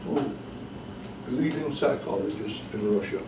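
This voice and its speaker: A man giving a classroom lecture as the professor leading a course, talking deliberately and emphatically and repeating his key points. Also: lowish voice, expressive, background noise. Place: bookstore cafe classroom. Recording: echoey room, mic at a distance.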